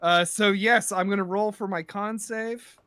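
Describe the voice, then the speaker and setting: A man's voice: high-pitched, steady tone, a little slow, pushed and bright, no echo. A man running a tabletop game as game master, loose and profane, often laughing.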